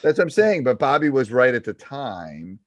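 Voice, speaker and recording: A man's voice: mid-range voice, big pitch swings, moderate pace, dry recording, dull audio. A middle-aged man, a basketball coach hosting a podcast, giving casual advice in an emphatic, repetitive way. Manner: emphatic and repetitive, hammering points home.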